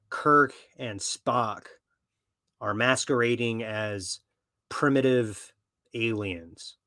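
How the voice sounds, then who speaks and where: A man's voice: fairly low pitch, bright, forceful tone, dry recording, clean studio sound. A man talking in a blunt, swaggering, foul-mouthed monologue as a podcast host. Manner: blunt, swaggering, heavy swearing. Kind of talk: profane opinionated monologue.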